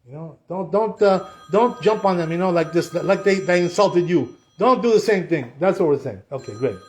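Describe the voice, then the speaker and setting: A man with a fairly high voice leads a relaxed Torah lesson and talks straight to his listeners. He keeps it conversational, drops "you know" into nearly every sentence, and acts out what people say. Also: moderate pace. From Sephardic Jewish community. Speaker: Torah teacher. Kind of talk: casual Torah class.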